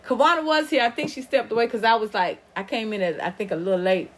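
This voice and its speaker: Talking fast in a slightly high voice, this Southern woman with an Atlanta drawl hosts a laid-back livestream podcast, cursing often and wandering from point to point.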